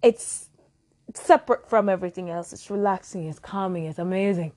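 A woman's voice: lowish voice, normal speed, dark tone. A woman in her early twenties from Jamaica, hosting a casual solo podcast in a rambling, reflective way that keeps correcting itself. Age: early 20s. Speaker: podcast host.

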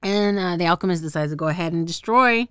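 Her voice is lowish, fast and smooth as she casually recaps a show on her podcast. She rambles, laughs often, swears, and loses track of names and details, all in clean studio sound with no room sound.

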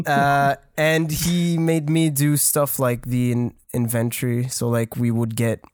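A young man in his early twenties with a French accent, a storyteller guest, tells a story casually, rambling with lots of swearing, laughing and restarts. His medium-pitched voice is monotone, unhurried, a little mellow, clear and resonant, in a dry recording.

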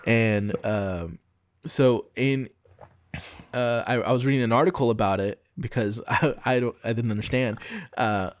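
A man from Brazil casually discussing film adaptations on a podcast, often pausing to search for words. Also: mid-range voice, no echo. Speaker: podcast co-host.

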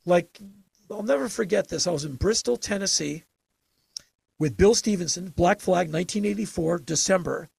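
An older man telling stories in a casual interview, emphatic and animated, with sudden bursts of energy. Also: high-pitched, normal speed, vocal fry, breathy edge, dry recording. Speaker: interview guest.

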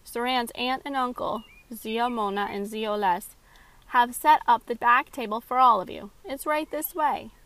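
A woman voicing a kindly middle-aged restaurant owner, telling his family story calmly. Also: a little high, unhurried, dry recording, rough recording.

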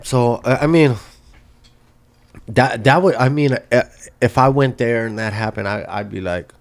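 A man's voice: mid-range voice, measured pace, creaky. A man joking and laughing through casual slang-filled banter on a podcast. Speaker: podcast co-host.

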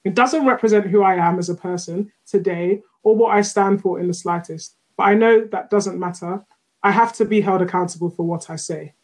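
Husky-voiced woman co-hosting a chat. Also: medium pitch, brisk, poor audio. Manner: animated, laughs often, trails off with ums. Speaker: podcast co-host. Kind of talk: casual discussion, reading tweets aloud.

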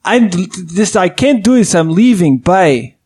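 A man doing a huffy, halting movie star. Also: sits high, animated, a little mellow, breathy edge, exaggerated voice. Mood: indignant. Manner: halting, broken phrasing, storms off. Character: touchy movie-star actor, man, huffy and self-important.

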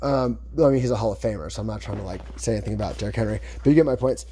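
Chatty rambling man, dark voice. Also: lowish voice, racing, slight background noise. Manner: rambling, chatty, self-correcting. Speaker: podcast host. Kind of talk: casual chat about fantasy football.

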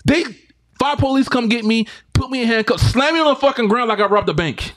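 A man co-hosting a podcast, telling a wild story in rapid, profane, emphatic bursts, emotionally drained. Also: very high voice, a bit bright, no room sound, clean studio sound. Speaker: podcast co-host. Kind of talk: casual storytelling chat.

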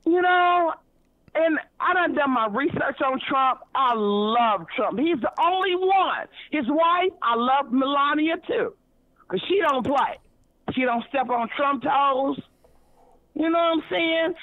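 A caller from Kansas City, Missouri, phones in to a radio show and rambles, tripping over words she repeats. Her voice is high and expressive and she takes her time. The audio is a dry, tinny phone line with no echo.

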